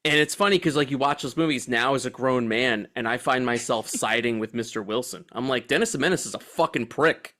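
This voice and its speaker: A man's voice: medium pitch, a little fast, hardly any pauses, sharp tone. A man co-hosting a movie podcast in casual, joking banter. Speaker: podcast co-host. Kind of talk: casual chat.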